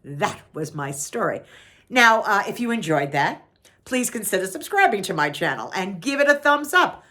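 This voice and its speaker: Lively, bright-voiced chatty woman vlogger. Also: medium pitch, normal speed. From New York. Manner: chatty, laughs often, animated retelling. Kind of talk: casual storytelling.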